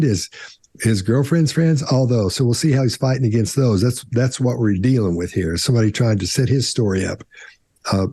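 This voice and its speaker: In a casual panel analysis, a middle-aged man explains body language in a rambling way, often restarting, correcting himself, and acting out quotes. His mid-range voice is warm and husky, recorded with studio quality and no echo.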